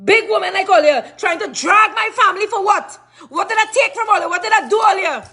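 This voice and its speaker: A woman's voice: very high voice, a little fast, bright, forceful tone. A woman with a Trinidadian accent in an angry rant to camera, cursing and firing off repeated questions. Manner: furious, cursing, repetitive questioning.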